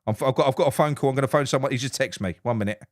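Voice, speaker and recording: Fan bloke hosting a live match reaction, swears a lot, gets loud and giddy, mid-pitched voice. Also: male voice, rapid-fire, no room sound, clean studio sound. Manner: sweary, excitable, shouts with delight. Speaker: fan channel host.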